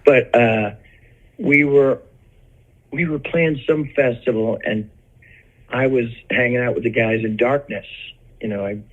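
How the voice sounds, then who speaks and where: A man's voice: mid-range voice, measured pace, pauses often. An older man, a rock singer, chatting casually as an interview guest and telling rambling stories full of restarts and laughs. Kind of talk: casual anecdotal chat. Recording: dull lo-fi audio.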